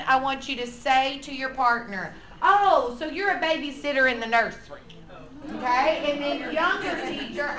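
A woman with a high voice leads a training session for church volunteers, coaching them in an upbeat, encouraging way. She speaks slowly and deliberately to the group. The sound carries the roomy echo of a church classroom. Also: a bit bright. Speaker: church nursery teacher trainer. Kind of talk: energetic training workshop for volunteers.

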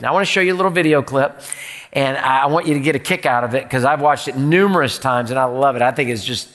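A man's voice: medium pitch, fairly bright tone. Male pastor in a reverberant hall. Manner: rhetorical, repeats questions. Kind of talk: sermon. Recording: long reverb in a large hall.

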